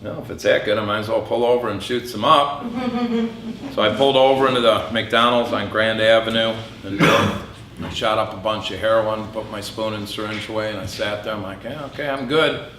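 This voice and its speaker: Middle-aged man telling a dark story, echoey hall. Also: on the low side, normal speed, slight background noise. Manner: candid storytelling with dark humor. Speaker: public speaker. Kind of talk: personal testimony speech. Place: event hall. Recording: echoey hall with faint ambience.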